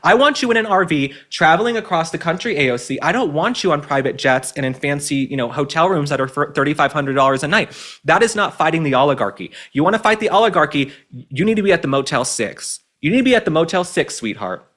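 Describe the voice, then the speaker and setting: Sassy, animated man hosting. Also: a little high, fast. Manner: sassy, campy and animated, with mocking asides. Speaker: host. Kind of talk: opinionated commentary monologue.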